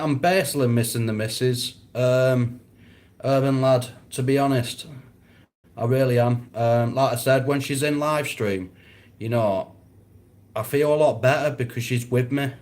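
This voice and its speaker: A man's voice: mid-range voice, a little mellow. A man chatting casually on a live stream, answering viewers, rambling and often breaking into laughter.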